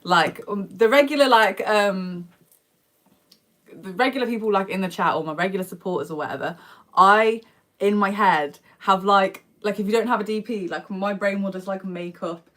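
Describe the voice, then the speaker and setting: A young livestreamer talks casually while cooking indoors in her home kitchen, using slang and replying to comments from viewers. She speaks at normal speed in a medium-pitched, fairly bright voice.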